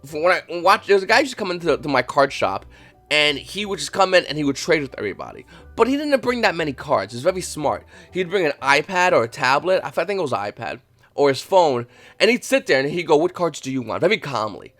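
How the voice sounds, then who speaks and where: A man's voice: on the high side, fast talker, soft background music. A man hosting his own channel, giving casual, rambling advice to viewers and acting out little dialogues. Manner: rambling, with many restarts and fillers; emphatic and animated, acts out little dialogues. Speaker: channel host.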